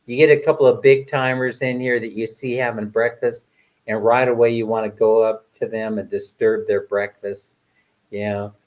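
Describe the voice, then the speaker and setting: A man's voice: on the low side, level tone, moderate pace, a little mellow, muffled recording. A retired man in his sixties, chatting casually on a live stream, reading comments aloud and laughing often between fillers. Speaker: vlogger reading live chat.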